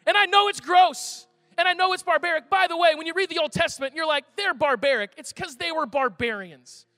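A pastor preaching a sermon, animated and conversational, with emphatic outbursts. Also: male voice, extremely high pitch, fairly quick. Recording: reverberant hall, faint music.

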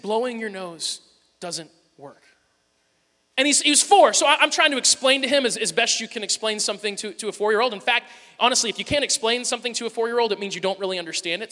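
A man's voice: high voice, bright, forceful tone. A man in his thirties, a pastor giving a conversational sermon to his congregation with humorous stories, with a chuckling storytelling manner. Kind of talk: casual sermon with personal stories. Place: large church hall before a congregation. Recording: long echo of a church hall.

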